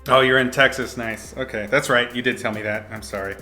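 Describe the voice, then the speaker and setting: A man's voice: mid-range voice, steady tone, brisk, sharp tone, soft background music. A man teaching art on a livestream, giving casual critiques in a playful, upbeat way with mock-brutal jokes. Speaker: art instructor streaming.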